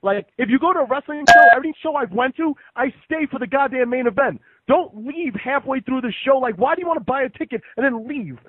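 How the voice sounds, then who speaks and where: A man hosting a podcast, telling animated, profane stories in casual chat. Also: extremely high pitch, fast talker, hardly any pauses. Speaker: podcast host. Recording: dry, tinny phone-like sound.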